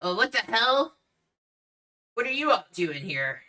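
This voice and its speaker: A woman voicing a gruff, irritated male bartender who grumbles and swears in a raised, higher voice. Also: big pitch swings, a little slow, sharp tone, distant mic, full character voice.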